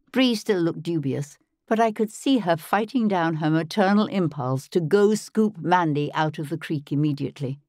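Low, dark-voiced woman narrating an audiobook. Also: moderate pace, few pauses, dry recording, studio quality. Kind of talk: first-person audiobook narration. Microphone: close studio mic.

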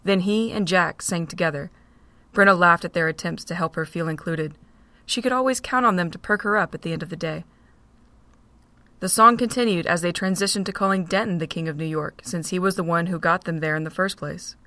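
A woman narrating a fan-made audio drama in a steady storytelling manner. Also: fairly low pitch, fairly quick, no room sound.

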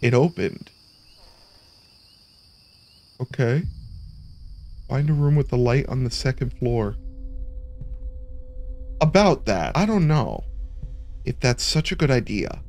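A man's voice: mid-range voice, lively intonation, a little slow, long pauses, darkish tone. A man casually commenting on a horror game as he plays, jumpy and talking to himself, with lots of "bro" and "dude". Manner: jumpy, reacts aloud, talks to himself, says bro and dude. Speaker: horror game let's player.

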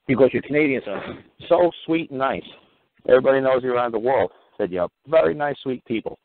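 A man's voice: medium pitch, animated, fairly quick, no echo. A middle-aged man with a New York accent, giving blunt, profane, emphatic advice on a call-in talk show. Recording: tinny phone line.

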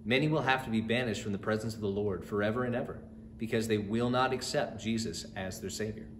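This churchman's lowish voice moves fast as he tells children a bedtime Bible story and drives home its moral in earnest, addressing them directly. There's a little hiss or hum, and the room echoes noticeably.

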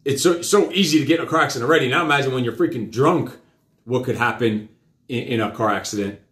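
A middle-aged man hosting a live talk show, lecturing his child in a fast, rambling way full of questions. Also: medium pitch, fairly bright tone. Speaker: host. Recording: roomy echo.

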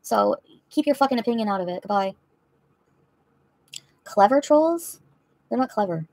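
A woman's voice: a little high, expressive, normal speed, a little mellow, no echo. A woman livestreamer answering her chat in a heated, profane, confrontational rant.

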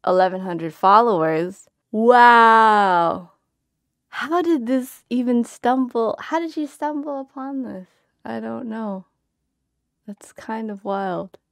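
A woman's voice: medium pitch, no echo, studio quality. A woman hosting a music reaction video, talking casually with frequent exclamations and slang.

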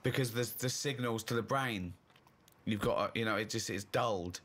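A man's voice: fairly low pitch, normal speed, a bit bright. A man teasing and swearing crudely in a casual podcast chat. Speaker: podcast host.

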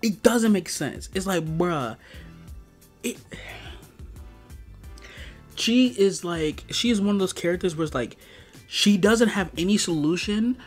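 A man's voice: high voice, measured pace, long pauses, faint music behind. A man giving an exasperated, profane rant in a video review, stuffing his talk with "like". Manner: exasperated, profane, heavy use of "like". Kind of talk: ranting review.

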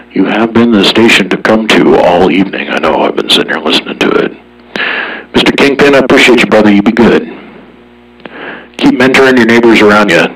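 A man with a low, husky voice chatting casually on the radio. He jokes and banters in a laid-back way, sounding distant from the mic. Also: fairly bright tone. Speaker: radio operator.

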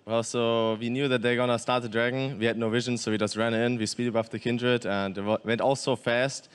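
A young man with a German accent, a pro player answering post-game interview questions in quick, matter-of-fact answers with many fillers and restarts. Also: mid-range voice, level tone, clean tone.

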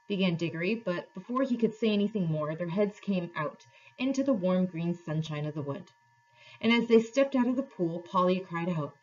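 Husky-voiced woman teacher reading aloud. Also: fairly low pitch, lively intonation, moderate pace, darkish tone, muffled recording. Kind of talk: reading a novel aloud to a class.

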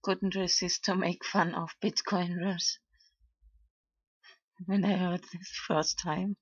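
A woman talking casually in her video blog, hesitant and halting, often trailing off with fillers. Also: lowish voice, flat delivery, slightly rough, no echo, muffled recording. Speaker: video blogger. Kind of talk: casual vlog commentary.

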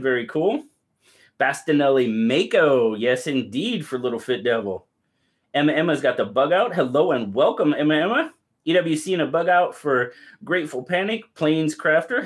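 A man hosting a live stream, cheerfully greeting and thanking viewers by name and reading their comments aloud in quick lists. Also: mid-range voice. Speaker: livestream host.

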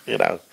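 A man talking in a rambling, animated casual monologue with many restarts. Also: high-pitched, creaky, breathy edge.

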